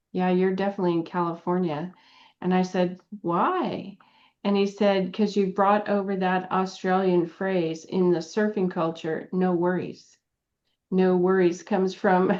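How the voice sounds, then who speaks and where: A woman's voice: fairly low pitch, muffled recording. A woman coach in casual roundtable chat, telling thoughtful stories with easy laughs. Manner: storytelling, thoughtful, warm laughs. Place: California.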